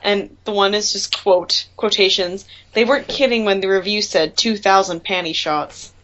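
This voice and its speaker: A woman's voice: medium pitch, normal speed, fairly bright tone, muffled recording. A woman co-hosting a podcast in casual chat, dropping wry, joking asides over a call. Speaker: podcast co-host.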